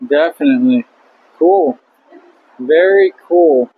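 Slow, husky man filming a model railroad. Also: on the high side, narrow, tinny audio. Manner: slow, awed remarks while filming. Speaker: vlog co-host filming. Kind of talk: casual vlog chat. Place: indoor museum model railroad exhibit.

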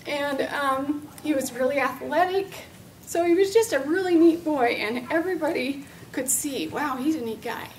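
A middle-aged woman with a high voice gives an earnest personal testimony, full of fillers and restarts. She sounds a little far from the mic, with faint noise behind her. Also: moderate pace. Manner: earnest, storytelling, frequent fillers. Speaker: parent specialist speaker.

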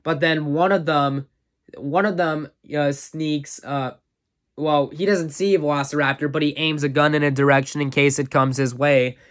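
A man's voice: on the high side, steady tone, moderate pace. A man casually recapping a favorite movie as a reviewer, rambling and full of fillers, an eager fan. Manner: rambling plot recap, full of "uh" and "you know"; enthusiastic fan, chuckles often.

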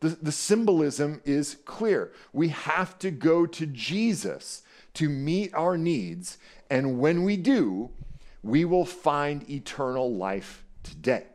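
A middle-aged man preaching a conversational sermon as pastor, playful and animated, often checking in with "right?" and acting out scripture quotes. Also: on the high side, slow. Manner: acts out scripture quotes dramatically.

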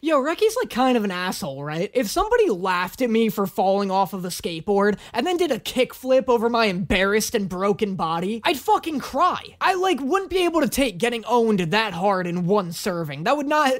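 Lively, sarcastic male reaction host. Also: high-pitched, brisk, few pauses. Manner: sarcastic, profane, jokey. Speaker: anime reaction YouTuber. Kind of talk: comedic reaction commentary.

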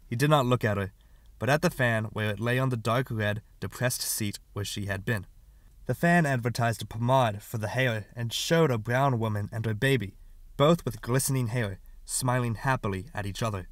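A man reading a short story aloud as an audiobook narrator, calm and measured. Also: medium pitch, no room sound.

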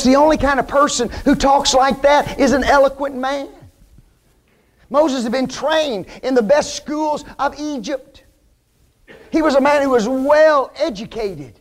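A man with a strikingly high voice delivers a church sermon. He leans on emphasis and tosses rhetorical questions at his listeners as he works through his points. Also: slow, pauses often. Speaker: preacher.

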